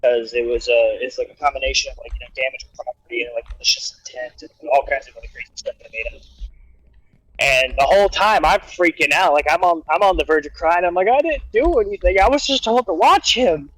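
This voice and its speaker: A man's voice: medium pitch, quick pace, no echo, rough recording. A man casually telling profane, rambling stories about his time as a soldier on a livestream. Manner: animated, profane, rambling with restarts. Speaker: guest storyteller, soldier.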